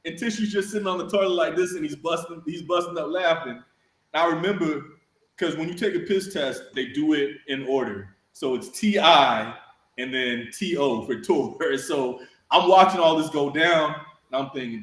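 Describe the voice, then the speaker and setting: Man, fairly high voice, crude laughing storyteller, echoey room. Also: moderate pace, a bit bright. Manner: crude, laughing, rambling anecdotes. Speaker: podcast co-host, Marine veteran. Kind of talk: casual storytelling chat. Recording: roomy echo.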